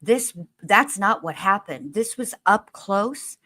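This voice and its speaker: A woman's voice: medium pitch, lively intonation, slow pace, bright, forceful tone. A woman co-hosting a casual true crime chat, talking bluntly and swearing as she gets heated. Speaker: true crime podcast co-host. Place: home studio, livestream.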